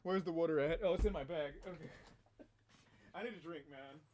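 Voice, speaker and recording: A man chatting casually on his game livestream from a room at home, excitable and rambling, often breaking into laughter. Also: on the high side, moderate pace, a little hiss or hum. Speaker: game streamer.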